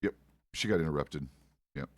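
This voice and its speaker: A man's voice: extremely low pitch, normal speed, a little mellow, dry recording, studio quality. A middle-aged man chatting casually while role-playing a frontier deputy, rambling and swearing with many restarts. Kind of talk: casual role-play chat.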